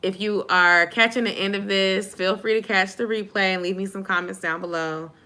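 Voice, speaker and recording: A woman's voice: medium pitch, steady tone, moderate pace, bright, forceful tone. A young woman chatting casually with viewers on a late live stream, sleepy and informal, calling them y'all. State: sleepy, yawning. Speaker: YouTube vlogger on a live stream.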